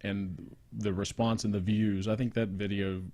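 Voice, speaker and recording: A man's voice: fairly low pitch, little pitch movement, moderate pace, no room sound, highs cut off. A man, a podcast guest talking modestly and hesitantly. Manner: modest, hesitant, soft-spoken. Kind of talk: casual chat.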